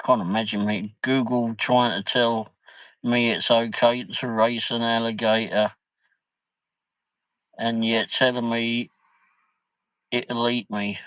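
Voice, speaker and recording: A man's voice: mid-range voice, level tone, slow pace, pauses often, a bit bright, dry recording, rough recording. A man chatting casually on a livestream, rambling through a funny anecdote with lots of laughter. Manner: rambling, laughs often, peppers speech with "flipping". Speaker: livestream host.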